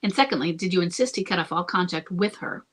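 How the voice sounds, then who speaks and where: A woman's voice: fairly low pitch, expressive, fast talker, a bit bright, husky. Earnest woman giving marriage advice. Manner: earnest and reassuring, often checks in with "okay?"; thinks aloud with restarts and self-corrections. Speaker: marriage coach answering listener questions. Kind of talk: advice monologue to camera.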